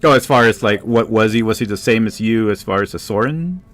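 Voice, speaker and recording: A man narrating a tabletop game as game master, halting and searching for words. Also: fairly low pitch, a bit bright, faint music behind.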